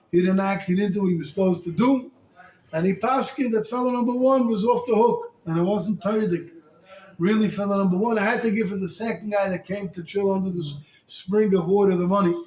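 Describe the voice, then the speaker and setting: A male rabbi telling a story in a sermon, in an animated, colloquial way with Hebrew and Yiddish terms woven in. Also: high voice. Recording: echoey room, faint ambience.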